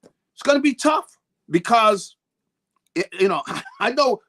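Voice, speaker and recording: High-voiced rambling football analyst. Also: male voice, expressive, takes it slowly, a bit bright. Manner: rambling, repeats words, stops and restarts. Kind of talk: sports talk interview.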